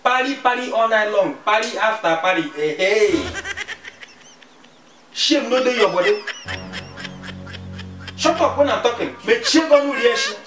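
Man voicing Nigerian father, scolding, mocking, high voice, distant roomy sound, music behind. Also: expressive, unhurried, long pauses. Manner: scolding, mocking, laughing jabs. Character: scolding middle-aged father, mocking and stern. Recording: echoey room, mic far off, music behind.

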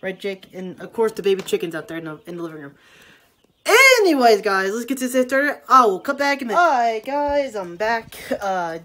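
A woman's voice: mid-range voice, lively intonation, fairly quick, a bit bright. A woman talking in a casual, rambling way as she films a daily vlog at home, with plenty of "like" and loose asides. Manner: chatty and rambling, full of "like". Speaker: daily vlogger. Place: home indoors, rainy day.

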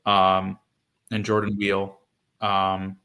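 A man in his thirties talks casually as an interview guest. His voice sits low, and he loops back through "um"s and restarts as he tells his story. He keeps his delivery fairly flat. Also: very slow, smooth. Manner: rambling with many fillers and restarts. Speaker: guest, former pro hockey player.

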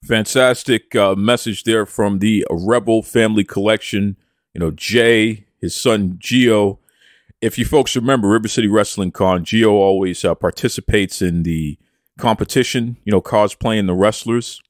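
A man's voice: lowish voice, normal speed, dry recording, studio quality. A man hosting a wrestling podcast, talking with playful promo bravado and calling himself by name in the third person. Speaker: podcast host. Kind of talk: casual podcast chat.

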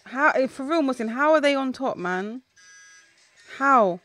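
A young woman reacting out loud while playing a football video game, shouting, groaning and talking to people in the room. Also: high-pitched, animated, a little slow. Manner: talks back to people in the room. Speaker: gaming YouTuber.

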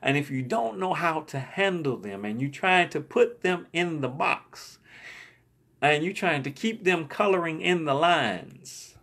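A man's voice: on the high side, animated, measured pace, fairly bright tone. A man preacher telling a story in a sermon, emphatic and often repeating his words.

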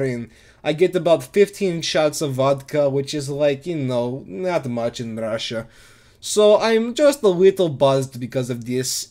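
A young man telling an absurd comedy story in a rambling, profane, deadpan way. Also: fairly high pitch. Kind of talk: improvised absurd comedy monologue.

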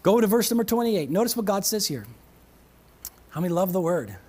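Lively, emphatic woman pastor preaching. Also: medium pitch, a little fast. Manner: emphatic, repeats phrases, calls out to the congregation; chuckles between points, playful asides. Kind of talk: sermon. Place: church service.

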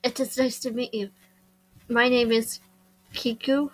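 A woman's voice: on the high side, little pitch movement, unhurried, rough recording. A woman voicing a shy, formal young man who speaks hesitantly in a dating game.

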